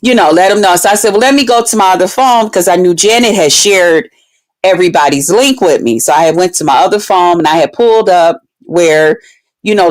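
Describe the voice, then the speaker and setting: A woman, telling a story in a casual vlog, animated and swearing, acting out quotes with big swings in her voice. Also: mid-range voice. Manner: swears freely, talks straight to her viewers.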